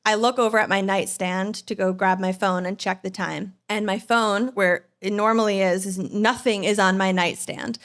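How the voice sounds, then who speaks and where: A woman in her thirties hosts a podcast taped live, telling a personal story. Her delivery is animated, and she acts out the quoted lines in her own voice. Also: medium pitch, unhurried, clean tone. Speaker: podcast host.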